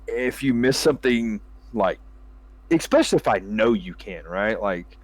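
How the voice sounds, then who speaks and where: A man's voice: on the low side, lively intonation, unhurried. A man hosting a casual gaming chat, laughing often, swearing freely and acting out what he would say to his teammates. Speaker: podcast host and gamer.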